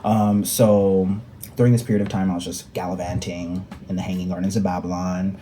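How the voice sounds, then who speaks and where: A young man telling a story to the camera, joking and animated, with many filler words. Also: low voice, fairly quick, a little hiss or hum. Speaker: vlogger. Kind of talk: storytime vlog.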